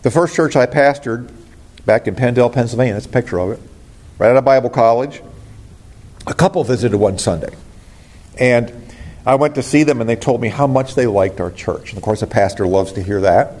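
A man's voice: medium pitch, a little fast, a little mellow. A middle-aged man preaching a sermon as pastor, earnest and direct, asking his listeners rhetorical questions.

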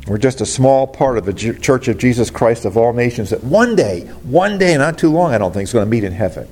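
A man's voice: medium pitch, animated, fast talker, darkish tone, breathy edge. A middle-aged man preaching a sermon as pastor, earnest and direct, asking his listeners rhetorical questions.

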